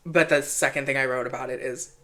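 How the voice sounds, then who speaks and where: A podcast co-host chatting casually, playful and joking with a deadpan touch. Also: mid-range voice, quick pace. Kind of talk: casual chat.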